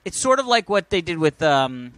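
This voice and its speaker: A man co-hosting a chatty podcast with a bright, forceful tone that sits a little high for a man. He tells stories and jokes in an animated way. The sound is close and dry, like a studio mic. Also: normal speed, no echo. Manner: animated, jokey storyteller. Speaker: podcast co-host reading listener mail. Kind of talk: casual chat.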